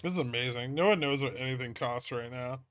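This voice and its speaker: A man's voice: mid-range voice, quick pace, dry recording, clean studio sound. A man hosting a livestream, casually commenting on trades as he reacts to the charts and swears now and then. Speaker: livestream host trading stocks.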